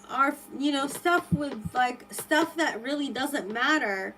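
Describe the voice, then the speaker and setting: A woman's voice: high-pitched, takes it slowly, hardly any pauses, pushed and bright, slight background noise, rough recording. A woman running a live tarot stream, chatting with viewers and reacting with lots of exclamations and rambling restarts. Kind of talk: live stream chat reading viewer comments.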